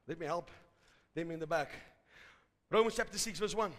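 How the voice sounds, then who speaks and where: A man preaching a fervent sermon to a live congregation, rising to shouts at its peaks. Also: on the high side, normal speed, pauses often. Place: large church hall. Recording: hall reverb from a live service.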